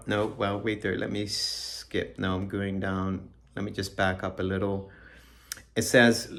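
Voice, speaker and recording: A middle-aged man giving a personal religious testimony, earnest and halting, with frequent restarts. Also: on the low side, level tone. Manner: reads scripture aloud. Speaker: Christian speaker giving his testimony. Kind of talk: personal testimony, reflective talk.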